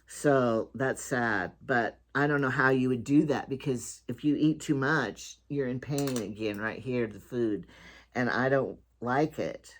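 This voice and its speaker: A woman's voice: rumbling low, a little slow. An older woman hosting her own home talk show, chatting in a rambling way and often restarting her sentences. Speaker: vlogger host.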